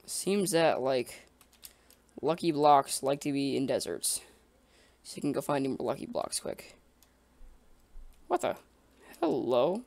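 A man giving casual let's-play commentary, excitable and talking to himself and the creatures in the game. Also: medium pitch, slow, creaky, pauses often, dry recording. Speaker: gamer.

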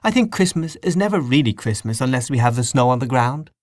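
A man voicing a chatty young woman guest in a storybook reading, with quick, chattering speech. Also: mid-range voice, lively intonation, no echo, clean studio sound, pitched above the performer's own voice, natural voice.

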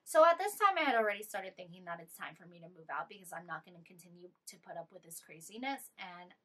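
A young woman vlogger telling an animated, exasperated storytime about a bad living situation. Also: lowish voice, fast talker. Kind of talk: storytime vlog.

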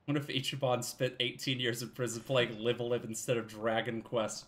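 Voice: mid-range voice, flat delivery, moderate pace. A streamer giving casual live commentary while playing a game, wry and rambling, with profane asides.

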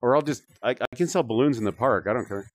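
A man's voice: medium pitch, fast talker, no echo. Rambling, swearing male game streamer. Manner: joking, rambling, swears often. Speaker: streamer playing a VR shooter. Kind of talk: casual live-stream commentary.

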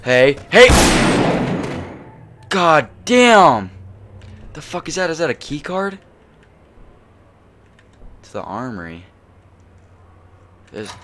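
A man giving sweary, frantic running commentary as he plays a game. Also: mid-range voice. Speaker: gameplay streamer. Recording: gunfire noise behind voice.

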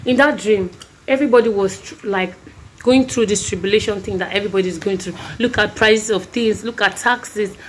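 A woman's voice: medium pitch, brisk, a little hiss or hum. A woman with a sore throat, earnestly recounting a dream and preaching, rambling with many restarts. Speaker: Christian vlogger.

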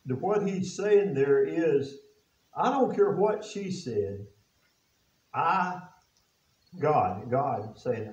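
A male pastor with a fairly high voice preaches a sermon, firing rhetorical questions at his listeners and reading scripture aloud in old biblical wording. His talk is plain and folksy. The recording is echoey and dull, picked up from some way off. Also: animated, slow, pauses often, a little mellow. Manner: plain folksy speech with casual grammar. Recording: echoey, distant and dull-sounding.

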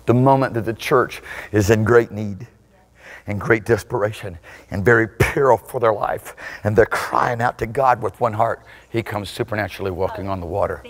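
A male pastor preaching a sermon with passion. He swings between loud, shouted peaks and low, intense passages. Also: moderate pace.

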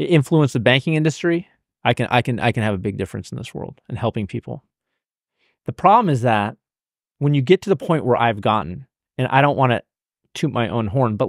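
A man's voice: medium pitch, no room sound, studio quality. An American man as an interview guest, explaining emphatically and often repeating words as he restarts. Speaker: banking analyst guest. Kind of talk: conversational explaining.

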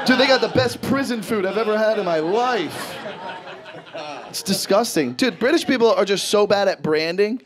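A man performing a stand-up comedy set, telling stories animatedly and swearing freely, his voice jumping high and loud when he acts panicked. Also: normal speed, a crowd in the background. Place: stage in front of a live audience. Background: audience laughter.

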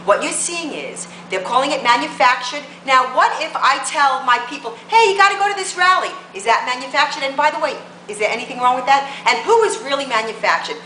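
A woman's voice: high-pitched, animated, brisk, few pauses, bright, forceful tone, reverberant, a little hiss or hum, poor audio. Fiery woman ranting to camera. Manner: combative, emphatic, rhetorical questions. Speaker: political blogger. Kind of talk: political rant to camera.

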